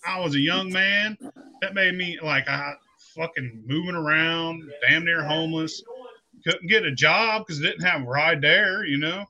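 A man telling a profane, animated story in a casual podcast chat, acting out the people he quotes. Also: a little high, a little slow, dull audio.

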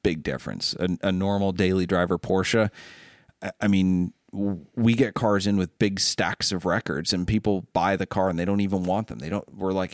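A man with a low voice talks through answers in a rambling, casual way, tripping over his restarts. The sound is close and dry, with no room around it. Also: steady tone, moderate pace, dry recording. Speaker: show host and car dealer. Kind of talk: casual show chat.

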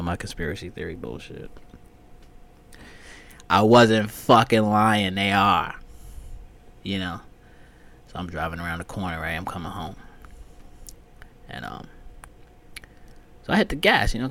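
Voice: deep voice, fairly bright tone. A vlogger telling a story in a casual, rambling rant full of cursing. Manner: profane, rambling.

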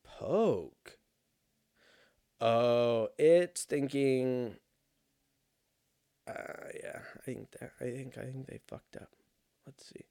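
A young man telling a rambling, profane story in a casual monologue, animated and laughing at himself. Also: medium pitch, slow, gravelly, long pauses, smooth, dry recording, clean studio sound.

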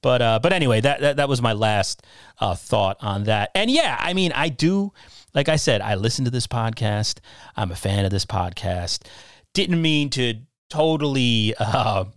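Rambling, self-deprecating middle-aged host. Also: male voice, medium pitch, lively intonation, moderate pace, clean tone, no echo, studio quality. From New York area. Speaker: podcast host. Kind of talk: casual podcast talk.

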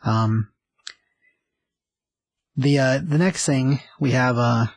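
A man's voice: mid-range voice, slow, dry recording, poor audio. A man casually retelling a TV episode, rambling with lots of fillers. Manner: rambling, filler-heavy, conversational. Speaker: show recapper.

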